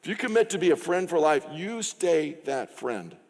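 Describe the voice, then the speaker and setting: A man's voice: fairly high pitch, big pitch swings, moderate pace. A middle-aged man preaching a sermon as pastor, in a conversational way, acting out short quoted exchanges. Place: church sanctuary. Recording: long reverb of a church hall.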